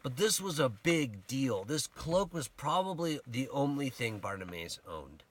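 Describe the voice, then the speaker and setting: A man giving a casual sermon, retelling a Bible story in a conversational, animated way and acting out the people in it. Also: mid-range voice, measured pace. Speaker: preacher.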